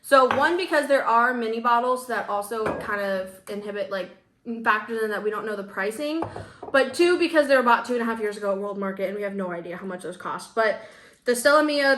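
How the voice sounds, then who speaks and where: A woman's voice: a little high, a bit bright. A young woman hosting a casual wine-tasting video, chatting and reading labels aloud. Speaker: vlogger host. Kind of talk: casual chat. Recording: echoey room.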